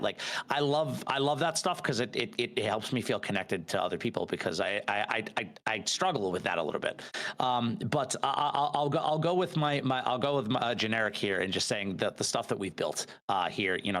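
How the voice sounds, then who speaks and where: Man, low voice, rambling podcast chat, lots of restarts, casual streamer. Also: a bit bright. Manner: rambling, many restarts and fillers. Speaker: podcast guest and live streamer.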